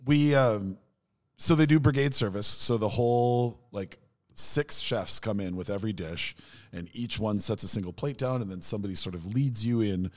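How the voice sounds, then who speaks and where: A man's voice: lowish voice, moderate pace. A man co-hosting a podcast, telling stories in casual chat with enthusiasm. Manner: enthusiastic storyteller, animated. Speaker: podcast co-host.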